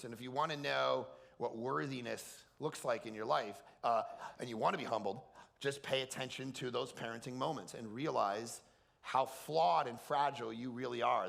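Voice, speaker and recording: Animated, gravelly-voiced man preaching a comic sermon. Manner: animated, jokey storyteller acting out quotes in a high voice. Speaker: pastor. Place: large hall at a camp.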